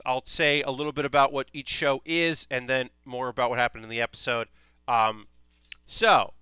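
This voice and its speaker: A man's voice: medium pitch, pushed and bright, smooth, dry recording. A man streaming live while building a model kit, chatting casually in a rambling, enthusiastic way and swearing freely.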